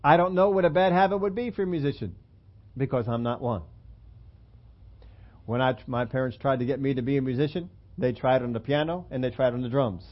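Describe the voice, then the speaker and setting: This pastor speaks briskly in a mid-range voice, preaching a conversational sermon full of self-deprecating jokes and questions aimed at the congregation. The audio is dull and lo-fi.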